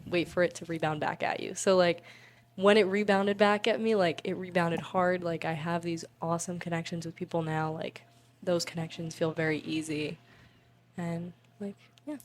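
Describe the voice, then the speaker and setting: A woman's voice: lowish voice, flat delivery, moderate pace, a little hiss or hum. A woman in her twenties, an interview guest and student, chatting casually in a bubbly, giggly way with many "like"s. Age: 20s.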